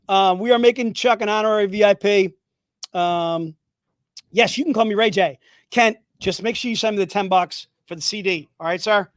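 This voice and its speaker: A man hosting a live comic sales stream, joking and hyping items in rapid-fire salesman banter from an indoor studio room. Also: sits high, no echo. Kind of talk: casual live-stream selling.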